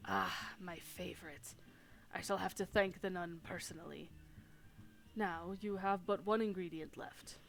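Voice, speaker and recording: A courteous, seasoned sea captain in a video game, voiced by a woman streamer. He speaks in a measured, formal manner and a lowish voice, with faint game music behind. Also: animated, vocal fry. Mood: courteous, concerned.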